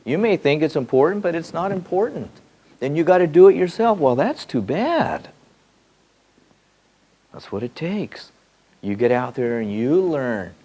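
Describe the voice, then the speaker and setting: A man giving a spiritual talk to a group, his pitch lively and wide-ranging. He repeats words and restarts his sentences as he thinks aloud. His voice moves from soft, low musing to sudden excited bursts. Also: unhurried, breathy edge. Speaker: spiritual teacher. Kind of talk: spoken teaching to a group.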